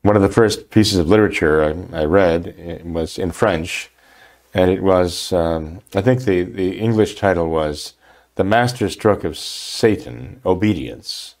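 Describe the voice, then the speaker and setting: Older man, priest, low voice, halting, full of ums and restarts. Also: a little mellow. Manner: hesitant, many fillers and restarts. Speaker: priest answering questions. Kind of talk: unscripted question-and-answer program.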